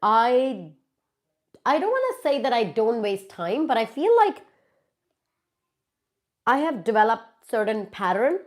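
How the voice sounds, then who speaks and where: Slow, animated Indian woman livestreamer. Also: on the high side. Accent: Indian English. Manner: animated, emphatic, repeats words for stress. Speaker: livestream host answering viewer questions. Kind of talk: casual live Q&A chat.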